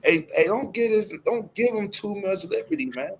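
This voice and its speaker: A man's voice: high voice, lively intonation, moderate pace, creaky, slight background noise. A man leading a casual scripture discussion, loose and emphatic, peppering his speech with "hey" and "man". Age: adult. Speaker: class speaker.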